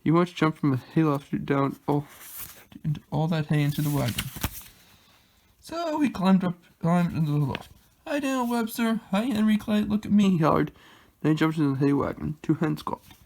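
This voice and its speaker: Man reading a storybook aloud, gravelly. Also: on the high side, expressive, darkish tone. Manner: plain, unhurried, halting at times. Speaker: reader.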